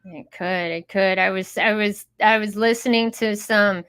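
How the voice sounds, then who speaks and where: A woman's voice: mid-range voice, fairly even intonation, unhurried, fairly bright tone, clean tone. A woman hosting a live online audio room, hyped and chatty with lots of exclamations. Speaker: host.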